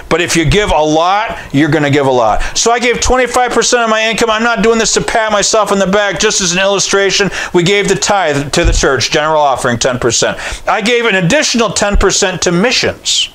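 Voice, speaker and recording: A middle-aged man with a fairly high voice delivers a sermon. He speaks bluntly and directly, often scolding his listeners. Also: a bit bright. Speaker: preacher.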